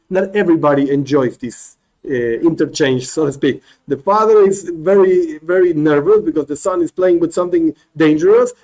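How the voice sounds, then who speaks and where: A male rabbi teaching a spoken class, animated, often restarting phrases and acting out examples. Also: a little high, low-quality recording.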